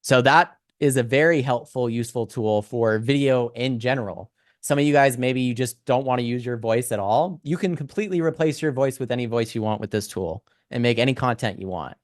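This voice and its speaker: A man's voice: medium pitch, fairly quick, no room sound, clean studio sound. A young man casually talking through an AI audio tool in a screen-share lesson, chatty and full of "right?" asides. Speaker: instructor demonstrating AI tools.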